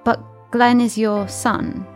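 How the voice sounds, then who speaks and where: A woman's voice: on the high side, steady tone, slow, a little mellow, faint music behind. Earnest woman player in a tabletop game. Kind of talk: tabletop role-play.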